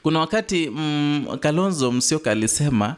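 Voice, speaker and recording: A man's voice: a little high, animated, a little fast, clear, resonant tone. A man hosting a political talk show, chatty and laughing easily, switching between Swahili and English. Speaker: radio talk host.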